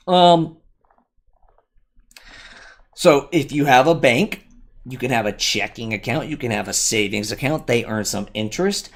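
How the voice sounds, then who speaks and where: A man hosting a solo livestream, explaining a point as he thinks aloud, with frequent asides and restarts. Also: mid-range voice. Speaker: livestream host.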